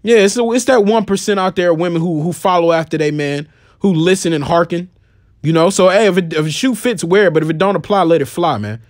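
A man with a notably high voice delivers an informal sermon, scolding his listeners bluntly and swearing freely. When he quotes scripture he slows into a measured, solemn reading. The recording is dry and close, with no room echo. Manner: reads scripture slowly and solemnly. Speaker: preacher.

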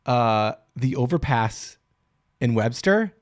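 A man co-hosting a casual podcast, excitable and quick to laugh as he riffs. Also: medium pitch. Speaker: podcast co-host. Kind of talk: casual chat.

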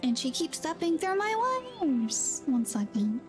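A woman streamer chatting casually with her viewers while gaming, soft-spoken and giggly. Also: sits high, animated, a little slow, over music.

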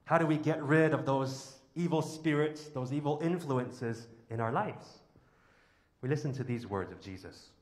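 A man's voice: medium pitch, normal speed. Emphatic male priest in an echoey church. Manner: emphatic, with rhetorical questions and lists. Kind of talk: homily.

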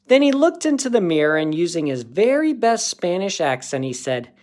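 A man reading a children's picture book aloud, narrating in an expressive, unhurried way. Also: high voice. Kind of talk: storybook read-aloud.

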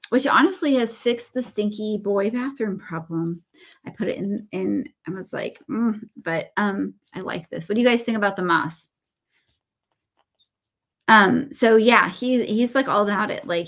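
A woman in her thirties with a Southern American accent hosts a casual craft livestream, rambling through stories full of fillers and self-deprecating asides. Her voice is mid-range, a little slow, and she pauses often.

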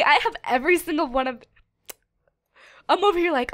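A young woman giving casual, animated commentary on a video game she is playing, with dramatic outbursts. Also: high voice, fairly quick, long pauses. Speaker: gaming YouTuber. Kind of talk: casual let's-play commentary.

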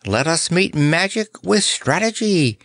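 A croaking, fussy bird from a storybook, his voice pushed high and darting around, as a man puts him on. He sniffles and fusses in slow, drawn-out phrases. The recording is close and dry. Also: very animated, fairly bright tone, no room sound, exaggerated voice. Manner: croaking, frantic.

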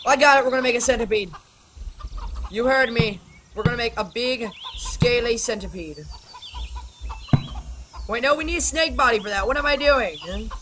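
A woman gaming YouTuber doing let's play commentary, excitable and chatty, talking to the creatures in the game. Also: a little high. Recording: game clucking and rooster noise behind.

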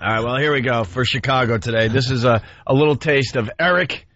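A man's voice: mid-range voice, brisk, a bit bright, highs cut off, slight background noise. A man hosting a radio talk show, bantering sarcastically and laughing often.

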